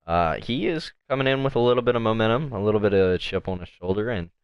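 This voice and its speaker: A man with a deep, smooth voice talks through an online sim race as play-by-play host. His delivery is casual and full of fillers, recorded dry and close with no room sound. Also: lively intonation, quick pace, no echo, muffled recording. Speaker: race commentator. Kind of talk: sim racing commentary.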